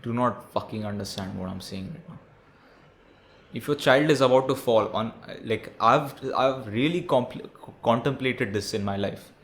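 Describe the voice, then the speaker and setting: A man's voice: mid-range voice, normal speed, gravelly, fairly bright tone, a little hiss or hum. Blunt, profane young man ranting. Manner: blunt, profane, preachy, says "bro" often. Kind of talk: ranting monologue.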